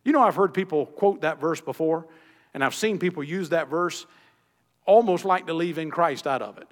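A man preaching a sermon with a high-pitched voice that rings out with long reverb, as if from a church sanctuary. He pushes up into emphatic peaks, then falls back to quiet, low phrases. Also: normal speed. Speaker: pastor.

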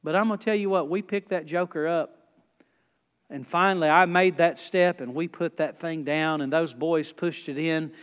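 A man preaching a sermon, folksy in his storytelling, dropping to a hush and then rising loud. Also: fairly high pitch, steady tone, normal speed, smooth, in a large hall. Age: 40s. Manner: folksy, swings from hushed to loud. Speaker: pastor.

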